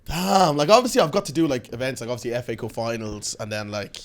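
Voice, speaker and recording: A man with an Irish accent, a podcast guest chatting casually and telling stories in an animated, slangy way with frequent laughter. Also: mid-range voice, quick pace, slight background noise.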